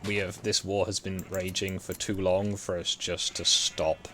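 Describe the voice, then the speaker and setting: Low-voiced young man muttering over a game. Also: unhurried, a little hiss or hum. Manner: relaxed, muttering to himself while crafting. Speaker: let's play co-host. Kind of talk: casual gaming chat.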